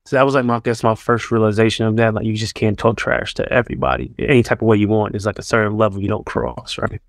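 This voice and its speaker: A man's voice: fairly low pitch, fairly even intonation, quick pace, vocal fry, no room sound, studio quality. New man telling stories casually. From New York. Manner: loose, street-casual, many fillers and restarts. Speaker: guest, former pro basketball player. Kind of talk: casual storytelling in an interview.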